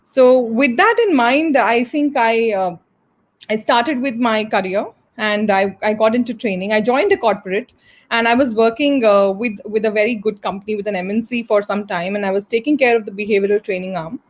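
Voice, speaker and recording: Earnest woman guest, soft-spoken. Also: fairly high pitch, moderate pace. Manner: earnest, frequent fillers and restarts. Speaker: guest entrepreneur and trainer. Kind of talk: live online interview.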